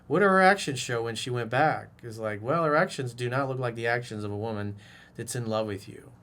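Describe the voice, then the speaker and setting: A man's voice: medium pitch, a little fast, a bit bright. A man who works as a dating coach, giving blunt, profane advice in a casual monologue and scolding the listener like a buddy. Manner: casual bro-talk, direct address. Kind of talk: advice monologue reacting to a viewer's message.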